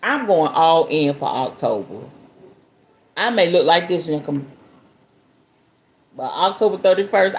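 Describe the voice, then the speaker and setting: A woman hosting a spiritual podcast who chats casually with her listeners, laughs often and reads aloud from a book. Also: on the low side. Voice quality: expressive, laughs often, talks straight to viewers.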